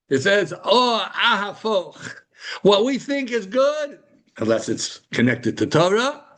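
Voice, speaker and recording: Animated man teaching a Torah class. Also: fairly high pitch. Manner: animated, poses rhetorical questions and answers them; mixes Hebrew terms into English explanation. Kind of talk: Torah class to a live group.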